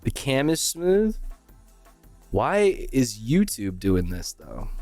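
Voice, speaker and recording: A man's voice: mid-range voice, sing-song, slow pace, a little mellow, dry recording, soft background music. A man streaming live, chatting casually, thanking viewers and reacting to videos with swearing and laughs.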